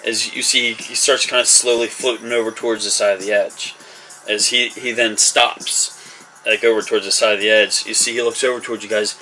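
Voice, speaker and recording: A man running a tabletop game, describing each scene in a loose, rambling way full of fillers. His voice is bright and forceful, at a middle pitch, with faint music behind him. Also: level tone, fairly quick, poor audio. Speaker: game master.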